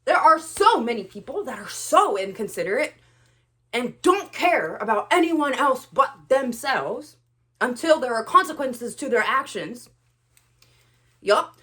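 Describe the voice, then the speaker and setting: A young woman vlogger rants to the camera in a sarcastic, animated way. She swings between loud outbursts and quiet asides. Her voice sits fairly high and sounds bright and sharp. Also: unhurried. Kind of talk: ranting to camera.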